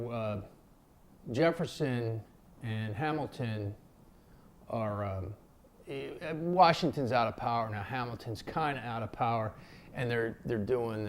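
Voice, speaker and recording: A man's voice: medium pitch, unhurried, slight background noise. A man from Philadelphia talks off the cuff to his camera, wandering between thoughts. He fills his speech with ums, slang and the odd curse, and he jumps into quoted voices when telling a story. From Philadelphia, USA. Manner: rambling and loose, with many fillers, slang and swearing; acts out quotes in a raised voice. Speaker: vlogger. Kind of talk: casual unscripted talk to camera.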